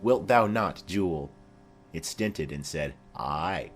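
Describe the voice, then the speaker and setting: A man's voice: low-pitched, lively intonation, slow pace, faint music behind, voice pushed down. A man voicing a garrulous old woman nurse who chatters on in long rambling memories, in a dramatic reading of a play.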